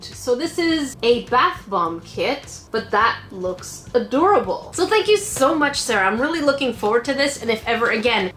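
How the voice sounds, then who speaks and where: A young woman from Quebec chatting excitedly to camera as she unboxes fan mail at home. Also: fairly high pitch. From Quebec, Canada. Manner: chatty and excitable, laughs often. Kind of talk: casual chat to camera. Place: room at home. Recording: echoey room.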